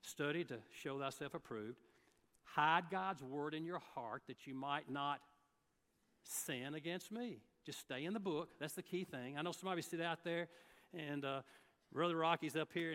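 Male preacher, folksy storyteller; bright voice with a long reverb. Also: a little high. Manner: folksy storytelling, acts out the people he quotes. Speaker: guest preacher. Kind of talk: sermon. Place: church sanctuary.

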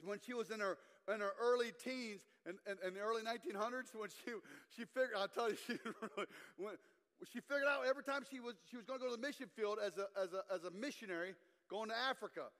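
A man, a guest preacher telling a story in an animated sermon. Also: high-pitched, fast. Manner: animated storytelling preacher, asks the crowd to respond. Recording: long reverb in a hall.

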